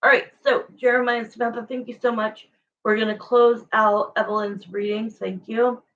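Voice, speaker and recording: A woman's voice: on the high side, level tone, moderate pace, phone-quality sound, a little hiss or hum. A woman tarot reader chatting casually and frankly with viewers on a livestream.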